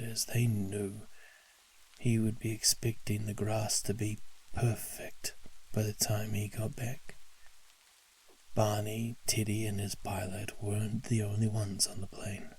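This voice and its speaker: A man narrating a story at a slow, calm pace, sometimes dropping to a whisper. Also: fairly low pitch, breathy edge. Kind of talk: scripted story narration for sleep.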